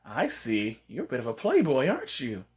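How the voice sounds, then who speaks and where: A man's voice: medium pitch, huge pitch swings, normal speed, a little mellow, breathy edge, exaggerated voice. A man voicing a brash, teasing little boy ninja.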